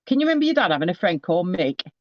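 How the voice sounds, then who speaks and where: A man, giving a chatty, halting psychic reading to a sitter, often restarting his phrases. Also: high-pitched, big pitch swings, no echo. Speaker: psychic medium. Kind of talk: live spirit reading to a sitter. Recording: slightly dull, dry recording.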